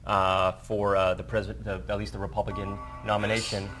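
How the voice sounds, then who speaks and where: A man's voice: on the low side, flat delivery, fairly quick, over music. A man co-hosting an entertainment news show in a casual, joking way, with a rambling delivery full of fillers and restarts.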